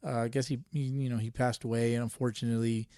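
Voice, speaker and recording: A man's voice: mid-range voice, little pitch movement, fast, dark tone, clean tone, no room sound, studio quality. A man hosting a solo podcast in a casual, rambling rant, profane and laughing often, a little tipsy. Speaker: podcast host.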